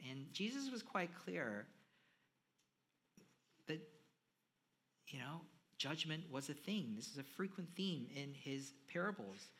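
A man preaching a sermon, chatting with his congregation and swinging between hushed lines and emphatic ones. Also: on the high side. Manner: conversational, with fillers, addresses the audience.

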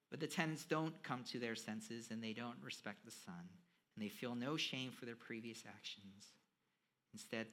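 A man preaching a sermon, chatting with his congregation and swinging between hushed lines and emphatic ones. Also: mid-range voice. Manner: conversational, with fillers, addresses the audience.

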